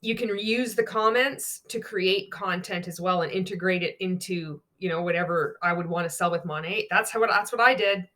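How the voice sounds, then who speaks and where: A woman's voice: fairly low pitch, moderate pace, few pauses, bright, forceful tone. A woman, a former network marketer, speaking candidly in a monologue vlog, blunt and sweary, mockingly reading out training material.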